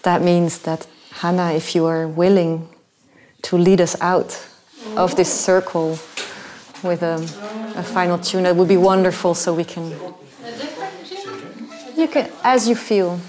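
A woman leads a relaxed group conversation. She talks haltingly, repeating herself and restarting sentences as she goes. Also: on the low side, crowd noise. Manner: hesitant, repeats words, laughs easily. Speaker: host. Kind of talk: casual group discussion.

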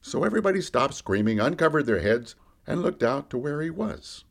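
Fully in character, a man with a fairly high, slightly fast voice and some vocal fry plays an outspoken fisherman disciple. As a podcast storyteller, he narrates his own story in first person, lively and rising and falling with the action.

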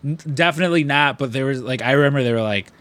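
A podcast host in his thirties, an American man from around Chicago, talks at a racing pace, his medium-pitched voice a bit bright. The casual conversation is rambling and enthusiastic.

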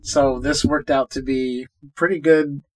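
A man's voice: fairly high pitch, unhurried, crowd noise. A man co-hosting a podcast, casually recapping a film and acting out lines from its scenes. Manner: animated retelling, acting out quotes from scenes. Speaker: podcast co-host. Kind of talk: casual movie recap chat.

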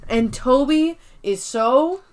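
A woman's voice: high-pitched, animated, takes it slowly, darkish tone. A woman co-hosting a podcast, retelling scenes in casual chat and acting out the characters' lines, swearing freely. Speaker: podcast co-host.

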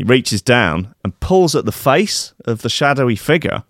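Comedy host, rambling storyteller, lively pitch, dry studio sound. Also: male voice, measured pace, few pauses, dry recording. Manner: rambling with fillers, animated. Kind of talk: comic storytelling.

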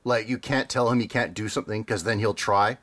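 A man co-hosting a casual podcast chat, rambling and amused, with many fillers and quick laughs. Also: lowish voice, fairly even intonation, a bit bright. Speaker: podcast co-host.

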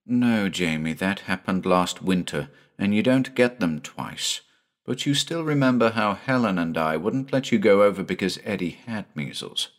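A man's voice: on the low side, animated, moderate pace, lightly acted. A man reading as a careful country doctor. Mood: anxious. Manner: careful and gentle.

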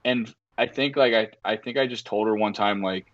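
A man's voice: fairly low pitch, normal speed, hardly any pauses, muffled recording. A man, a podcast guest, chatting casually and telling stories with lots of profanity and fillers. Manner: animated storytelling, frequent profanity and fillers. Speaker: record label owner guest.

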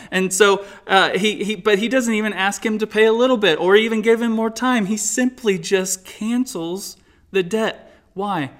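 A man's voice: high-pitched, normal speed, fairly bright tone. A man preaching an expository sermon, earnest and emphatic, asking rhetorical questions as he works through a text verse by verse. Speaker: pastor.

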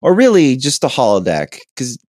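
A man's voice: medium pitch, huge pitch swings, normal speed, darkish tone, no echo. A man co-hosting a casual podcast, chatty and laughing often. His voice rises and falls widely as he talks, and the sound is dry and close with no room around it. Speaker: podcast co-host. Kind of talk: casual chat.

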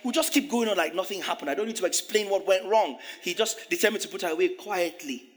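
A man preaching a sermon, animated, laughing often and acting out the voices of biblical figures. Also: sits high, fast talker. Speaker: pastor.

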